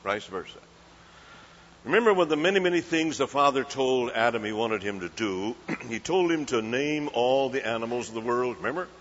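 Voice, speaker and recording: A man's voice: mid-range voice, animated, moderate pace, fairly bright tone, a little hiss or hum. Folksy preacher man in a hall. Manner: folksy, asks the crowd questions, acts out voices. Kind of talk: folksy storytelling sermon. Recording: dull lo-fi hall recording.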